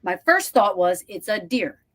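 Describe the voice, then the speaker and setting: A woman hosting a podcast over a video call, telling a story in animated, breathless bursts with lots of restarts and some swearing. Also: mid-range voice, a little slow. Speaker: podcast host. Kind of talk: casual storytelling chat.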